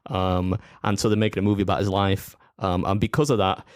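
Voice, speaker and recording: A low-voiced man bantering quickly on a casual podcast, tossing in jokes as he goes. The sound is dry and close, with no room around it. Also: flat delivery, clear, resonant tone, no room sound. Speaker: podcast co-host. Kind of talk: casual chat.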